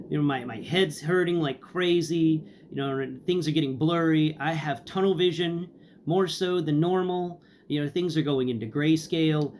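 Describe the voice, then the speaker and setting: A man's voice: fairly high pitch, background noise. A young man casually telling a dramatic personal story, acting out what people said. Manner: animated, dramatic, acts out dialogue. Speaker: host, storyteller.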